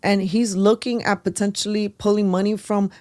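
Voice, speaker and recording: A woman co-hosting a talk show, speaking in a measured way with hesitant fillers as she cites figures. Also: mid-range voice, little pitch movement, a little mellow, no room sound. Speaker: podcast co-host. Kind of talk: casual political talk.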